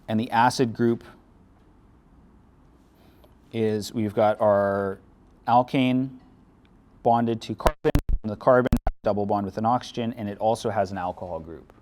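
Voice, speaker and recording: A man's voice: mid-range voice, a little mellow. A man teaching a chemistry lecture, explaining step by step in a casual way with dry sarcasm. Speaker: chemistry instructor. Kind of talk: classroom lecture.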